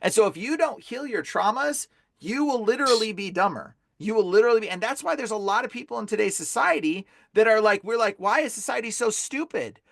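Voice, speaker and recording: A man guesting on a podcast as an exorcist, telling stories in a casual, animated way and saying "bro" constantly. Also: high-pitched, quick pace, vocal fry, dry recording, studio quality.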